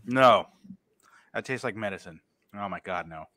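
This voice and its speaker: A man co-hosting a podcast in casual chat, loud and excitable, laughing and swearing often. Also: lowish voice, moderate pace. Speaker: podcast co-host.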